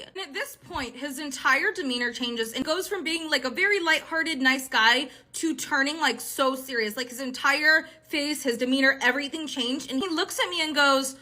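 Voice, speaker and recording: A young woman with a high, bright voice tells a dating horror story. Her storytime is casual and animated, full of fillers and curses. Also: moderate pace, few pauses. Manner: animated, swearing, filler-heavy retelling.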